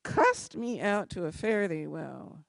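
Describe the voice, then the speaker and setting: Gravelly woman telling stories wryly. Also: lowish voice, slow pace, no room sound. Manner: wry, animated storytelling. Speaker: civil rights lawyer. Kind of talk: speech to a live audience.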